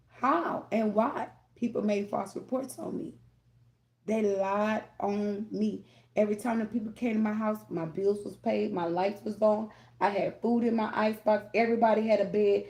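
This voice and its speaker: Gravelly-voiced woman talking tarot to viewers. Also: mid-range voice, warm tone. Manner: candid, rambling, addresses viewers with "y'all" and "okay?". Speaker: tarot reader. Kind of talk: casual spiritual talk to viewers.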